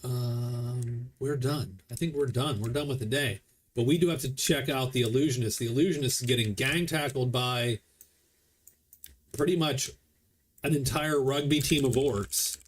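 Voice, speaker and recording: A man's voice: mid-range voice, moderate pace. A man casually commenting as he plays a board game solo, explaining the rules as he goes. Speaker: board game player streaming a solo playthrough.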